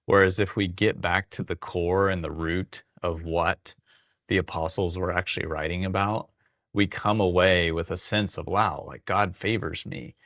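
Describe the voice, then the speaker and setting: A man with a low, level voice explains Greek words in a relaxed, thinking-aloud way, full of fillers and restarts. The sound is dry and close. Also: no room sound. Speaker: Greek teacher. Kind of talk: casual teaching monologue.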